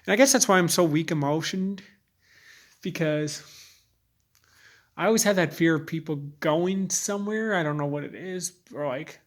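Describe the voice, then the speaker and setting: A young man talking candidly to camera in a rambling, halting way, full of fillers and restarts. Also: fairly high pitch. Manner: earnest and candid. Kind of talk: personal vlog monologue.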